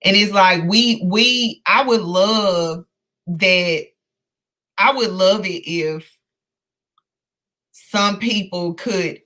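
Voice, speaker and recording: A woman hosting a live book discussion, earnest and emotional, talking in halting bursts full of fillers and restarts. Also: on the low side, fairly bright tone. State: emotional, close to tears. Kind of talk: casual live-stream discussion.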